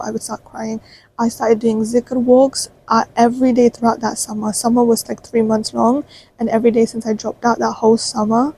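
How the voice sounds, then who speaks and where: A woman in her twenties telling a personal story to the camera in a chatty, animated way. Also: a little high, slightly rough, poor audio. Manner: chatty, animated, full of fillers. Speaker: vlogger.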